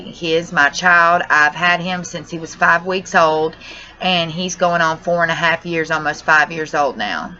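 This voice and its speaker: A woman's voice: deep voice, bright, forceful tone. A young woman tells her channel about a family crisis in a rambling, distressed way, cussing now and then. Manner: distressed, rambling, says y'all and cusses. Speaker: vlogger. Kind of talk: emotional personal vlog. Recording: dull lo-fi audio.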